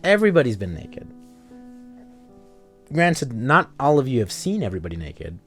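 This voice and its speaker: Lively joking young man streaming. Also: medium pitch, normal speed, faint music behind. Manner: joking, swears casually, banters with chat. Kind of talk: casual live-stream chat while playing a story game.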